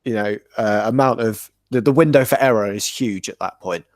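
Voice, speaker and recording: A man's voice: lowish voice, moderate pace, no room sound, studio quality. A man on a casual podcast, talking things through in an analytical, explanatory way. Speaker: podcast co-host.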